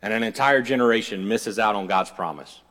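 A man's voice: fairly low pitch, a little fast, a bit bright. A man pastor preaching a sermon, moving from conversational storytelling with jokey asides to fervent, repetitive declarations. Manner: self-deprecating jokey asides. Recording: long reverb of a church hall.

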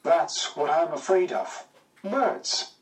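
A man voicing a cheerful young wartime pilot, brisk and teasing in his dry wit. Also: fairly high pitch, expressive, distant mic, poor audio. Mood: wry. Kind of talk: audiobook character voice.

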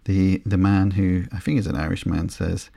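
A man hosting a sleepy podcast, reading through a comic slowly and flatly with frequent ums and uhs. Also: sits low, creaky, no room sound, clean studio sound. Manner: slow, flat and unhurried, with frequent ums and uhs. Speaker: podcast host.

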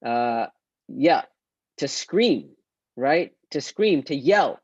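A male Islamic teacher giving an online religious lesson, animated and acting out quoted speech. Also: medium pitch, extremely slow, no room sound, muffled recording.

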